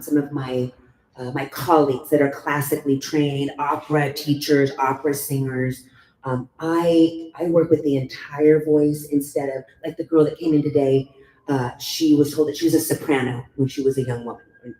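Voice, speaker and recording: In a club workshop room, a middle-aged vocal coach teaches in a chatty, demonstrative way. Her voice is low and dark in tone, captured with a roomy echo and a faint hum of room noise.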